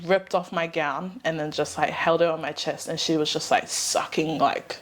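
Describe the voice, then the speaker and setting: A young woman co-hosting a podcast, telling a personal story in casual chat; animated, she laughs often and acts out the voices of the people she quotes. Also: low-pitched, moderate pace. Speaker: podcast co-host.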